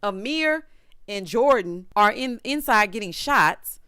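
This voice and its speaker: A woman's voice: mid-range voice, pushed and bright, clear, resonant tone, no room sound, clean studio sound. A woman recapping a reality TV episode in casual, sassy commentary, talking straight to her viewers.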